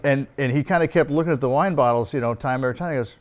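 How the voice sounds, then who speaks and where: A man's voice: mid-range voice, fast talker, muffled recording. A man telling casual, rambling golf anecdotes with many fillers and laughs. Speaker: golfer and guest. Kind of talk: casual storytelling chat.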